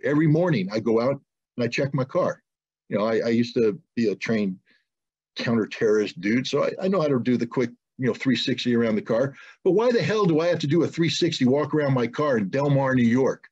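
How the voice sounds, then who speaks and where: A man's voice: mid-range voice, brisk, darkish tone, slightly rough. A man giving an interview who speaks indignantly, building to emphatic rhetorical questions. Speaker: interview guest. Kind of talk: impassioned interview answer. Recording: dull lo-fi audio.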